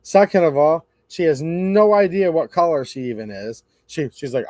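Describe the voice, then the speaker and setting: Man, livestream host, sarcastic, rambling, higher voice, dry close mic. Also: lively intonation, fairly quick, few pauses, a little mellow, no echo. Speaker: channel host. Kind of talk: casual livestream rant.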